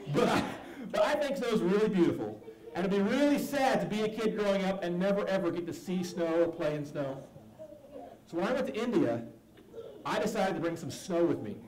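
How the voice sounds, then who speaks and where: Playful high-voiced man on an echoey stage. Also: darkish tone. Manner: silly, playful, self-mocking. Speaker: comedy gospel magician. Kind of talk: live stage comedy talk for kids. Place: church hall stage. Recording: echoey hall with music behind.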